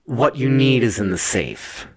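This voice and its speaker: A man voicing a talking hotel bed that speaks in a low, knowing, cryptic murmur. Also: big pitch swings, a little slow, no echo.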